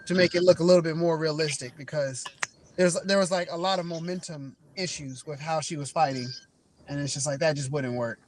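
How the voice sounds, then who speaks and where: A man's voice: fairly high pitch, a little fast, slight background noise. A man on a video call chatting casually about a movie, rambling with lots of fillers. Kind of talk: casual movie review chat. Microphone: video call with a dropping connection.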